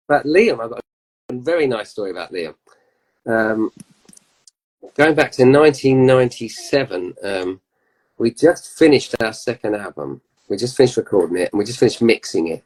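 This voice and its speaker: A man's voice: mid-range voice, expressive, moderate pace, long pauses, darkish tone, rough recording. A man in his fifties, a musician guest telling rambling anecdotes in casual chat, with laughs.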